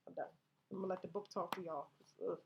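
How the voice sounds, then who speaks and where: A woman's voice: on the low side, fairly even intonation, fast, vocal fry, background noise. A woman giving a casual tarot reading, talking straight to her viewers, reading card text aloud and often restarting her sentences. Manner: conversational, restarts often, speaks directly to viewers. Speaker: tarot reader.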